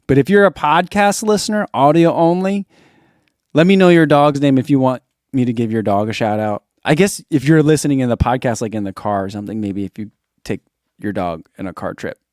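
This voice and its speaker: A middle-aged man hosts a running channel's live stream, chatting in a relaxed way, reading viewer comments aloud and chuckling often. His voice is mid-range and darkish, his delivery brisk, and the audio is dry, studio-quality sound.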